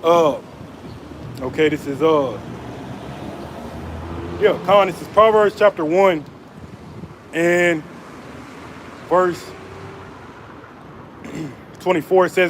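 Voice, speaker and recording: High-voiced, mocking male street preacher. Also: slight background noise. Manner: profane and mocking, laughing between taunts; reads scripture slower and louder. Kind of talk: live-streamed street preaching. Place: outdoors on an urban street.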